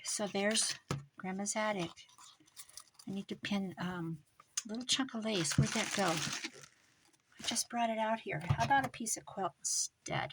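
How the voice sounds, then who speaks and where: A woman making a craft journal, chatting casually as she works and muttering to herself with quick self-corrections. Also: mid-range voice, background noise. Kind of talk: casual crafting vlog, talking while working.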